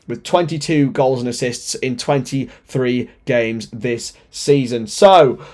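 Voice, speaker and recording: A man hosting a live football watchalong, commenting as a fan. He talks in an excitable, chatty way, often stumbles over words, and sounds nervous and shaky. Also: mid-range voice. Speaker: watchalong host.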